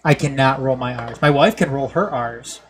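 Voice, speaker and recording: A man's voice: mid-range voice, moderate pace, slight background noise. A man with a nasal Midwestern accent hosting a casual sports podcast and reading headlines in a laid-back, self-mocking way. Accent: Midwestern American.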